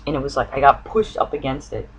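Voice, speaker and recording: A man's voice: medium pitch, lively intonation, fast, slight background noise, rough recording. Earnest man recounting a dream. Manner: earnest, searching for words, many restarts. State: occasional cough. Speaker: spiritual vlogger. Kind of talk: personal dream account.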